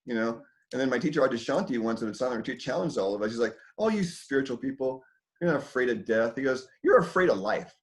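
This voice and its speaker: A man's voice: mid-range voice, expressive, fast, rough recording. Guy holding forth at a community dinner, loose rambly talk, swears a lot, lots of "you know". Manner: rambling, swearing freely, with many fillers. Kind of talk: casual spoken talk to a group. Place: indoor room with a small group.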